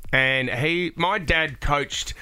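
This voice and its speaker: A middle-aged man hosting a radio show, telling a story in a lively, emphatic way. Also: fairly high pitch, extremely slow, smooth. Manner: lively, emphatic, asks "right?" often. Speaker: radio host.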